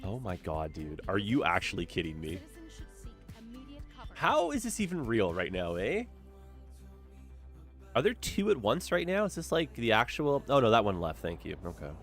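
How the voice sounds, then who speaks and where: A man with a lowish voice chats his way through a city-building stream, his pitch swinging widely between mumbled asides and loud outbursts. Faint music plays behind him. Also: big pitch swings, normal speed, long pauses. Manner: chatty, easily distracted, dramatic exclamations. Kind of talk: casual gameplay commentary.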